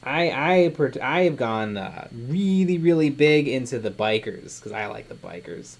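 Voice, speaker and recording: A man's voice: mid-range voice, expressive, moderate pace, vocal fry. Easygoing male stream co-host. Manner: easygoing, lots of agreeing "mm-hmm". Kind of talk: casual chat.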